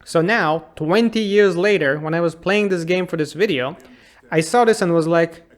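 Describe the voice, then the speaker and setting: In his thirties, this YouTube game reviewer has a high-pitched voice and talks at a normal speed. He narrates a comedic game retrospective, sounding sarcastic, incredulous and exasperated.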